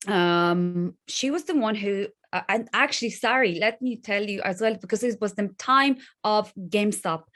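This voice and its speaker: A woman's voice: mid-range voice, moderate pace, few pauses, fairly bright tone. Hesitant woman with a Polish accent. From Poland. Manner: hesitant, many fillers and restarts; laughs often. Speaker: podcast guest. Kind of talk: casual interview chat.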